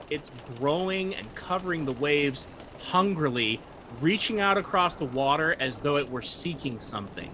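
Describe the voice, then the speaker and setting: A man narrating as game master of a tabletop horror game, relaxed and rambling. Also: a little high, a little hiss or hum. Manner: relaxed, full of fillers and restarts.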